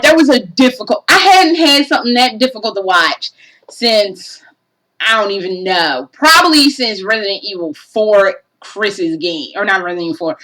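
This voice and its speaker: A woman's voice: mid-range voice, pushed and bright, low-quality recording. A woman giving a casual game review, profane and exasperated, ranting animatedly.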